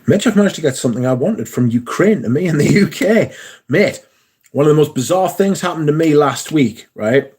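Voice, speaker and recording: A man's voice: on the high side, expressive, a little fast, darkish tone, slight background noise. A man chatting casually on a livestream, rambling through stories and reading out viewers' comments. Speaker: livestream host.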